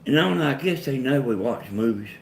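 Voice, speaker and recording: A man's voice: medium pitch, expressive, quick pace, vocal fry, darkish tone, slight background noise. Laid-back Southern man, country drawl. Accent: Southern US (Georgia). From Georgia, US. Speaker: co-host of a live chat stream. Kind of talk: casual chat with viewers.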